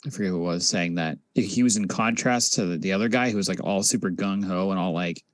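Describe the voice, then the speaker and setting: A man's voice: low-pitched, quick pace, dry recording. A man co-hosting a podcast, rambling casually with lots of fillers. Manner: rambling, lots of likes and ums. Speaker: podcast co-host. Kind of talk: casual chat.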